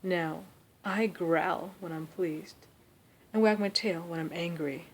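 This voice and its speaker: A sly, grinning cat of a storybook, talking mad riddles, voiced by a woman. The delivery is slow and hushed, sliding into whispers. A faint low rumble hums under the recording. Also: fairly even intonation.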